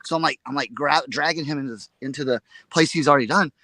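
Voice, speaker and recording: A man co-hosting a casual live chat, telling a story in an excitable, rambling way and repeating his words. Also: fairly high pitch, fast talker, dry recording. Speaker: reseller show co-host.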